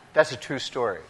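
A priest preaches with a fairly high voice, taking his time and pausing between short, emphatic phrases. His words ring out with the long reverb of a large church. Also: heavy background noise. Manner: slow, deliberate delivery in short emphatic phrases. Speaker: priest giving a homily. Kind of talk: sermon.

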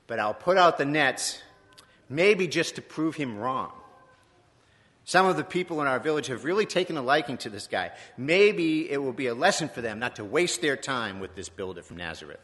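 A man's voice: a little high, bright, forceful tone, heavily acted. A man voicing a weary, skeptical fisherman who tells his own story in plain, wry words, with incredulous questions. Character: weary skeptical male fisherman, middle-aged, blunt. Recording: long echoing church reverb.

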